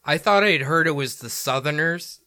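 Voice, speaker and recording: A man's voice: on the high side, moderate pace, sharp tone, no room sound, studio quality. An American man from Minnesota co-hosting a podcast, rambling easily and laughing often in casual chat. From Minnesota, United States. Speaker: podcast co-host.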